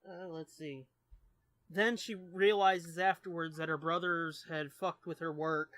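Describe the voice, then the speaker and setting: A man's voice: fairly high pitch, steady tone, slow, a bit bright, no echo. A man co-hosting a podcast, chatting casually about comics, laid-back and swearing freely. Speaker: podcast co-host. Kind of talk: casual comic-book review chat.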